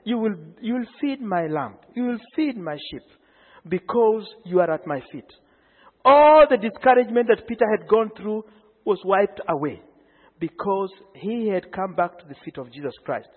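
High-voiced preacher in an echoing hall. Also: male voice, moderate pace. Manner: animated storytelling, acting out quotes with laughter. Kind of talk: sermon. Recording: phone-like sound in a long-reverb hall.

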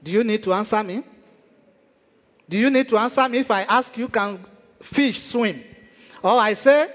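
A man's voice: high voice, in a large hall. A man preaching a sermon as pastor, asking rhetorical questions and repeating praise to the congregation.

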